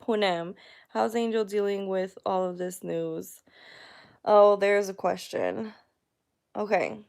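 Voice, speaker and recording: Candid gravelly-voiced woman vlogging. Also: medium pitch, fairly even intonation, slow pace, darkish tone. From United States. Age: 30s. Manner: candid, emotional, chatty with many fillers. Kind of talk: personal vlog talking to viewers. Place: at home.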